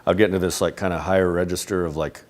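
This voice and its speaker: A middle-aged man in an interview, talking casually and rambling, often restarting his sentences and laughing softly. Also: sits low, steady tone, racing. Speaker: interviewee, animation creator. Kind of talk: casual reflective interview talk.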